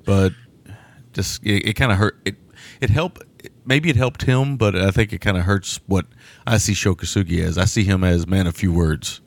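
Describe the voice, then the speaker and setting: A man's voice: deep voice, moderate pace, vocal fry. A man co-hosting a podcast, chatting casually about a film, laughing often and stammering into restarts. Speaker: podcast co-host.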